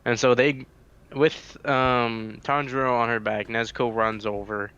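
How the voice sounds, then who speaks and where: A young man recaps an anime in a relaxed, rambling way, swearing now and then. His voice is smooth and clear in a mid register. The recording sounds a little dull and lo-fi. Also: medium pitch, unhurried. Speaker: host. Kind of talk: casual anime review chat.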